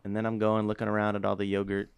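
Gravelly low-voiced man telling a story. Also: rapid-fire, no echo. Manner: animated, rambling storyteller who swears freely. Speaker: podcast co-host. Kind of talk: casual storytelling chat.

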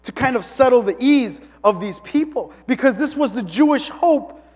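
High-voiced preacher in a reverberant hall. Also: male voice, animated, moderate pace, darkish tone. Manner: conversational, many "like" fillers and restarts. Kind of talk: casual teaching sermon. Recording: long reverb of a large hall.

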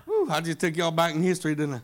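A man's voice: on the high side, very animated, quick pace. A middle-aged man preaching a sermon in a rhythmic chant, putting an "uh" before each phrase. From Oklahoma, USA.

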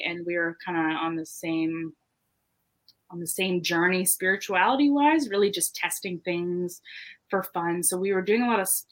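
A young woman co-hosting a podcast, telling a personal story in casual chat, full of "like" and "you know" and quick laughs. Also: fairly low pitch, a bit bright. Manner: chatty, lots of "like" and "you know", laughs often. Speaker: podcast co-host.

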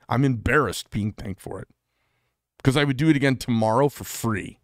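A man's voice: medium pitch, no echo, clean studio sound. A middle-aged man who served in the military gives a candid, rambling monologue, blunt and prone to restarting his sentences. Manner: blunt, rambling, self-interrupting. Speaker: veteran vlogger.

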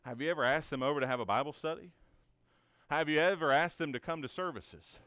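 A man's voice: on the high side, a little fast, a bit bright, clear, resonant tone, no room sound, studio quality. A man teaching a conversational Bible lesson in an earnest, encouraging way, asking many rhetorical questions and often checking in with "right?".

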